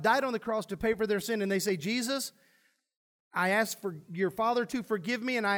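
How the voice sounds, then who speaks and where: A man's voice: sits high, a bit bright. A pastor preaching a sermon to his church, emphatic, asking the congregation questions and answering them himself.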